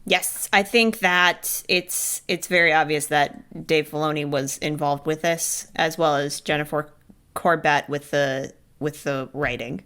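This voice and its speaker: A woman co-hosting a podcast, chatting casually and in an animated way. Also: low-pitched, clear, resonant tone. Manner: animated, quick to laugh. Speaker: podcast co-host. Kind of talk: casual chat.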